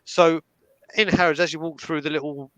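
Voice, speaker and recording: Lively man telling a story. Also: a little high, moderate pace, dry recording, dull audio. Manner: animated, hesitant restarts. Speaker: fan telling stories on a live stream. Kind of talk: casual storytelling.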